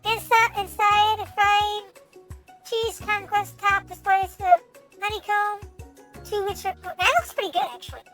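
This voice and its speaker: A young woman streamer reads a game's text aloud in a very high, girlish voice. She stumbles over words and bursts out in excitement as she comments. Soft music plays faintly underneath. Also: unhurried, poor audio. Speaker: VTuber streamer.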